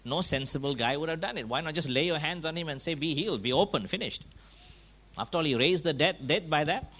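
A man preaching a sermon, driving his points home with rhetorical questions and quick checks like "huh?" and "yeah?", his volume rising and falling for emphasis. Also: a little high, fairly bright tone. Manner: emphatic, swings between raised and dropped volume.

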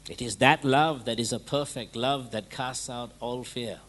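A man preaching a sermon in a conversational way, checking in with his listeners through quick rhetorical questions. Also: medium pitch, a bit bright.

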